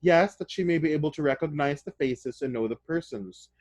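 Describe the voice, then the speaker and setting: A man reading as a calm, mechanical wine-shop keeper. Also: a little high, fairly quick, no echo, close to an everyday voice. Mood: calm, reserved. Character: grim, calm middle-aged male wine-shop keeper.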